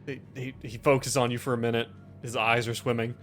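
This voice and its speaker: A man's voice: medium pitch, flat delivery, fairly quick, fairly bright tone, faint music behind. A man narrating a tabletop role-playing game as game master, describing the scene loosely with many fillers.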